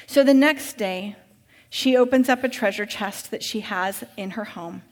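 A woman preacher telling a story in a vivid, expressive sermon. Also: a little high, normal speed, in a large hall.

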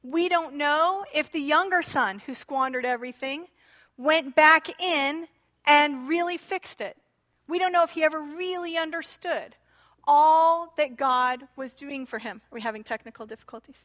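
A woman preaching a sermon in a church, retelling a parable expressively and acting out the quoted lines. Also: normal speed. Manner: expressive, acts out quoted speech with shifting pitch and loudness. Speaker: pastor.

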